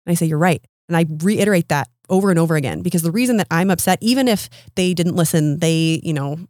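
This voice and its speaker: A woman's voice: lowish voice, expressive, fast talker, a little mellow, dry recording, clean studio sound. A woman in her thirties speaking as a podcast guest, explaining her ideas in an earnest, coaching way. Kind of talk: casual interview conversation.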